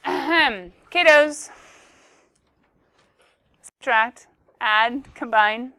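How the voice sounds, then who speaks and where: Woman, math teacher, bright sharp tone, fairly high voice, playful, in a classroom. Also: lively intonation, normal speed. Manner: playful, joking with students. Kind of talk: classroom lesson.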